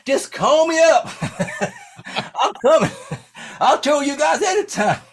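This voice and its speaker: A wildly happy country fellow, hooting and cracking up mid-sentence, as a storyteller puts him on. The voice jumps well above the teller's own and gets loud. He sounds overjoyed and carried away. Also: extremely high pitch, sing-song, takes it slowly, pitched above the performer's own voice, exaggerated voice. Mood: giddy. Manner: hooting, laughing while talking. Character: giddy small-town man, tow-along driver, loud and overjoyed.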